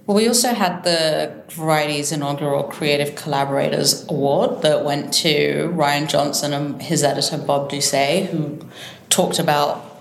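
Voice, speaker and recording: Female podcast co-host, deep voice, chatty, echoey room. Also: steady tone, moderate pace, vocal fry, a little hiss or hum. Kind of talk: casual chat about awards season. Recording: roomy echo.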